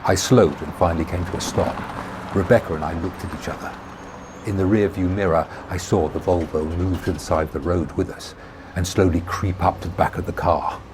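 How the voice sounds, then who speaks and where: A man reading his own novel aloud as a first-person audiobook, measured and dry. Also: low-pitched, steady tone, noisy background.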